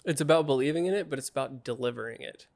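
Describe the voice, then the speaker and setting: A man's voice: medium pitch, rapid-fire, creaky, a little mellow. A man, a salesman guest on a podcast, explaining his views in a direct, emphatic way. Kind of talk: casual interview chat.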